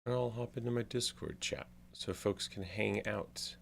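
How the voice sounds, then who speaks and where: A man chatting casually on a livestream as he prepares his tabletop game, his voice still creaky from the morning, rambling with fillers. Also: on the low side, fairly even intonation, moderate pace, fairly bright tone. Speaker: streamer and dungeon master. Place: home room. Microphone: desk mic with headphones.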